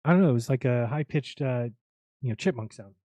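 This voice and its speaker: A man's voice: medium pitch, animated, brisk, mellow, dry recording. A man hosting a live panel show, arguing his points emphatically in casual chat.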